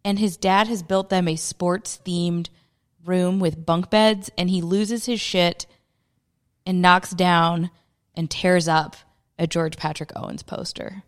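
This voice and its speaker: A woman's voice: on the low side, steady tone, takes it slowly. A woman co-hosting a podcast, chatting casually and laughing as she recaps a movie, swearing freely. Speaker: podcast co-host.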